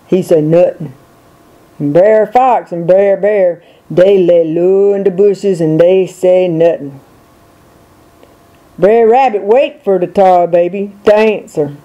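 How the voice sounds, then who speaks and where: An older woman reads a folk tale aloud at a very slow, unhurried pace. Her voice is mellow and soft, and she leans into the rhythm of the old dialect. She reads it for her grandchildren. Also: fairly low pitch. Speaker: storyteller reading to grandchildren.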